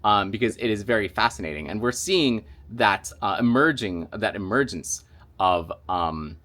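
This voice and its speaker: Male channel host, casual monologue, rambling with fillers, lively pitch. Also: moderate pace. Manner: rambling, many fillers and restarts.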